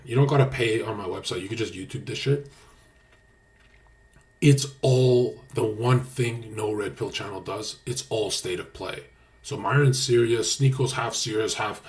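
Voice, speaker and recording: A young man livestreaming, talking brashly and boastfully with lots of swearing, dropping to mutters and then bursting out loud. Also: mid-range voice. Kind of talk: casual stream talk.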